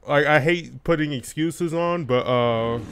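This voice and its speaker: Higher-voiced man grumbling through gameplay. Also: measured pace, fairly bright tone, a little hiss or hum. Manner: complaining, swearing, dry asides. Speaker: player in a video game playthrough. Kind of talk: casual gaming commentary.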